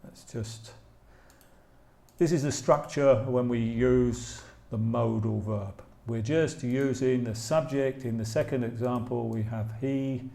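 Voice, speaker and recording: A man from England with an English accent, teaching a grammar lesson slowly and patiently, repeating key points with frequent ums. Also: medium pitch, gravelly, mellow. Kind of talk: slow, explanatory grammar lesson.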